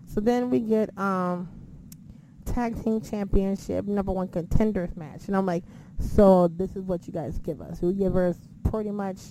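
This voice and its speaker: A woman's voice: mid-range voice, dark tone, slight background noise, low-quality recording. A woman casually recapping a wrestling show, swearing freely and acting out her own reactions.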